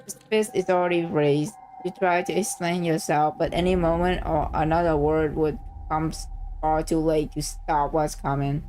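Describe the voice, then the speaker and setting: A woman streamer reading a story game aloud, reacting excitedly and swearing freely between lines. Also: sits low, moderate pace, soft background music.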